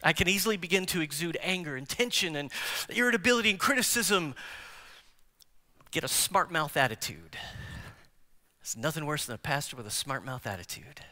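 A man preaching a sermon as a pastor in a church, swinging between emphatic declarations and hushed near-whispers and putting questions straight to the congregation. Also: fairly high pitch, big pitch swings, brisk. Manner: engages the congregation with direct questions. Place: large church sanctuary. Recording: long hall reverb from church sanctuary.

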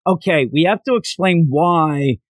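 Man, podcast co-host, casual chat, animated storytelling, slightly high voice, dry close mic. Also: a little slow, no echo. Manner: animated, acts out quotes with jumps in pitch. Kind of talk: casual chat recapping an anime episode.

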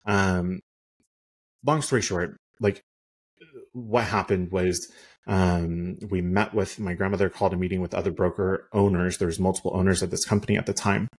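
A man with a very low, husky voice tells a story in casual podcast style. He rambles, filling his talk with "like" and "um". He sounds heated and indignant. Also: steady tone, moderate pace. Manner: rambling, many "like" and "um" fillers. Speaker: realtor.

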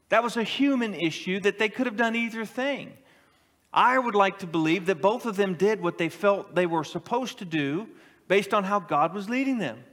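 A middle-aged pastor preaching a sermon in a church, animated and joking with the congregation. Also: male voice, high-pitched. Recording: long hall reverb.

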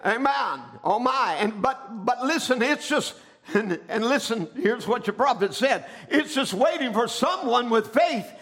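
A man preaching a sermon, building to shouted emphasis and often calling out "amen" to the congregation. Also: extremely high pitch, lively intonation, unhurried.

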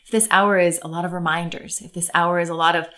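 A woman's voice: on the low side, steady tone, fast talker, fairly bright tone. A woman co-hosting a casual parenting talk, earnest and thinking aloud with fillers. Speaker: podcast co-host.

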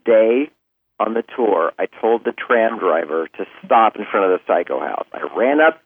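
A male voice actor, a guest on a show, telling lively anecdotes and acting out quotes, heard over a phone line. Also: fairly low pitch, normal speed, breathy edge, no room sound. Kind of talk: casual storytelling on a call-in interview.

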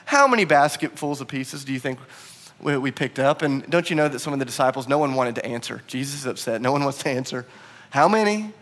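A man preaching a sermon as pastor, animated and acting out quoted lines with a raised voice. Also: mid-range voice, quick pace. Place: bar used as church venue.

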